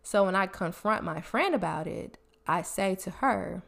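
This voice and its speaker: A woman's voice: mid-range voice, lively intonation, a little slow, creaky, few pauses. A woman hosting a solo podcast, talking casually and chattily as she gives communication tips and admits her own habits. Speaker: podcast host. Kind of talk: solo podcast advice talk.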